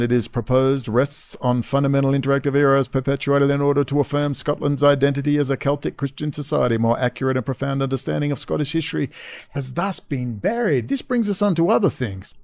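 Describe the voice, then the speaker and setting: A man's voice: medium pitch, a little mellow, no echo. A man hosting a video, reading passages aloud and breaking off into sarcastic, mocking asides. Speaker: host.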